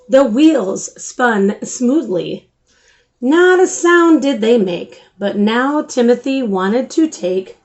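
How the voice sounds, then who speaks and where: An older woman hosting a children's story time, reading a picture book aloud in an animated, sing-song way. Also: a little high. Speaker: storyteller host.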